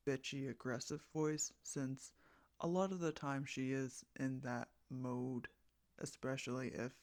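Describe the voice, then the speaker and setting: Medium pitch, no room sound: an American fan project creator casually discusses the voice casting call he's running. He rambles hesitantly, restarting often, correcting himself and leaning on plenty of fillers.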